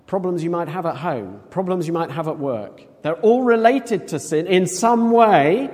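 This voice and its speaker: A man preaching a sermon in a conversational, animated way, acting out quoted voices. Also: on the high side. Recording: long echo of a large hall.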